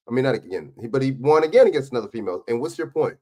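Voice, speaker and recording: A man's voice: medium pitch, expressive, racing, warm tone. A man hosting a livestream, arguing back at clips in blunt, profane casual commentary. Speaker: livestream host reacting to clips.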